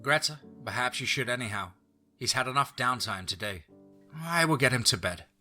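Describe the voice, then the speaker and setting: A man voicing a calm, capable hospital nurse who speaks briskly and decisively in a spoken horror story. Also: mid-range voice, faint music behind, voice pushed up.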